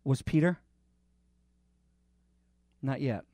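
Man, pastor, sermon, impassioned, swelling and dropping volume, high-ish voice. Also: animated, moderate pace, dry recording, clean studio sound. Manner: impassioned, with dramatic rises and drops in volume; repeats himself and restarts while preaching.

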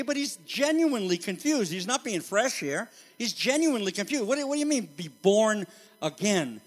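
A high-pitched man delivering a sermon, pressing his points by repeating phrases and dropping folksy asides. His voice rings out with a long reverb tail, as in a large hall. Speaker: preacher.

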